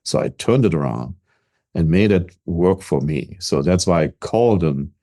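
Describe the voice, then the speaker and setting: In a casual interview, a confident, energetic older man from Germany speaks as a business coach with a German accent. He has a low voice and a moderate pace, and habitually repeats words as he opens a thought.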